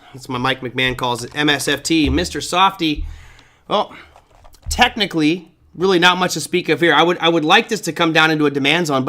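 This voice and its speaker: A man hosting a live trading show speaks in a sharp voice that's a little high. Relaxed and chatty, he works through charts, answers viewers' chat messages, and thinks aloud with fillers as he delivers live market commentary.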